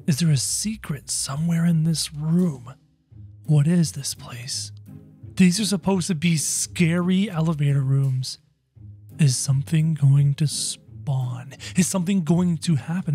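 A man giving excited game commentary, chatting to viewers and yelping at scares. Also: a little high. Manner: excitable, yelps and shrieks at scares; chatty, addresses viewers directly. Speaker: gameplay commentator.

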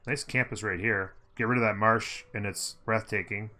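A man's voice: on the low side, steady tone, normal speed, pushed and bright. A man giving upbeat, casual commentary on a strategy game, thinking aloud and humming as he plays. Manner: upbeat, thinking aloud, hums while playing. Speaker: gameplay commentator.

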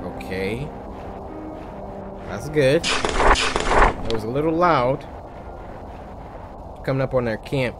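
A man commentating a horror game, muttering low and quiet as he explores, then shouting in a panic when scared. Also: animated, takes it slowly, pauses often, over loud music, low-quality recording. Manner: hushed low muttering that breaks into loud panicked yelling. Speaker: gaming YouTuber.

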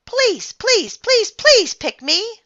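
A woman doing a shrill know-it-all schoolgirl. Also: sing-song, drawn-out words, fairly bright tone, no room sound, muffled recording, heavily acted. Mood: pleading. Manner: shrill, eager, whiny.

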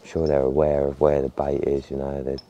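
Very deep, low-key man. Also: monotone, fairly quick, muffled recording, slight background noise. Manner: laid-back, murmured, with soft chuckles. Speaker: vlogger filming a fishing trip. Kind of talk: casual chat to camera. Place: outdoors by a lake.

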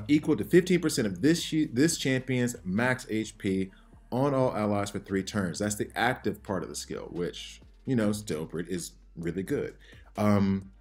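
A man hosting a casual game commentary video, rambling and excitable, jittery from too much coffee. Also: fairly low pitch. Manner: rambling, excitable, self-interrupting. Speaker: gaming channel host.

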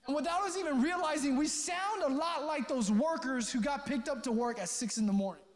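A man's voice: extremely high pitch, a little fast, hardly any pauses. A young adult man, a youth pastor, telling a story in a sermon and acting out his friends' voices. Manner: animated, acts out friends' voices. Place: church youth hall. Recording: echoey hall.

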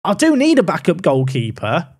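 A man's voice: moderate pace, slightly rough. A young man casually commenting on a management game as he plays, thinking aloud with wry asides. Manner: musing aloud, wry asides, animated pitch swings. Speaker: gaming YouTuber.

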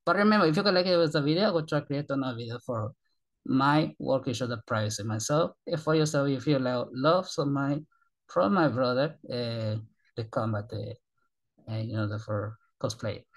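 An excitable man from Argentina rambles through a casual reaction commentary in broken English. His voice sits at an everyday middle pitch, and his talk is peppered with swearing. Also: normal speed. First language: Spanish. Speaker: YouTube reaction channel host.

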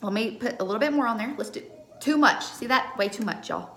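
A little fast and on the high side, a young woman's voice leads a chatty live makeup tutorial in her home beneath a ring light, checking in with "okay?" after almost every step. There's a bit of hiss or hum, and the room echoes.

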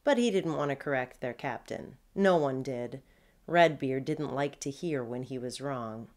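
A woman's voice: very deep voice, unhurried, a little mellow. A woman author reading her children's chapter book aloud, expressively. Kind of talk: children's storybook read-aloud.

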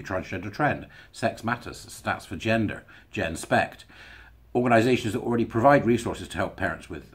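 Man, husky, very animated pitch, sarcastic, chuckling, casual commentary to camera. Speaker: video blogger.

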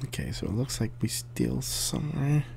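Animated man yelling through a horror game. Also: mid-range voice, normal speed, vocal fry, noisy background. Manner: yells and screams at scares, drops to whispers. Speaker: gameplay commentator. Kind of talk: horror game let's play commentary.

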